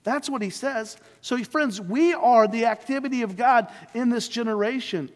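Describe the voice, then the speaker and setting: High-voiced pastor preaching in a reverberant hall. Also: male voice, moderate pace. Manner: animated storytelling, voicing biblical figures. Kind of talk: sermon.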